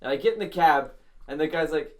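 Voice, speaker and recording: A man's voice: fairly high pitch, a little fast. A man from Canada, tipsy, telling a rambling, profane story on a podcast among friends. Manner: rambling, swearing, laughing mid-story. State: drunk. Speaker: podcast co-host.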